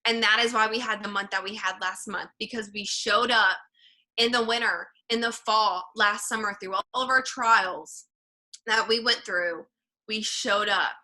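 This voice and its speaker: A woman's voice: medium pitch, steady tone, a little slow, pushed and bright, rough recording. A woman giving an earnest, encouraging motivational talk to her team, full of "like" fillers. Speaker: team leader.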